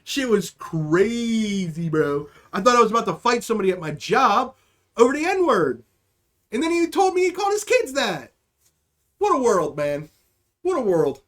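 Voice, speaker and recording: A man's voice: high voice, very animated, moderate pace, fairly bright tone. A young man hosting a livestream, telling a rambling, profane story in casual chat, often checking in with "okay?". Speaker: livestream host.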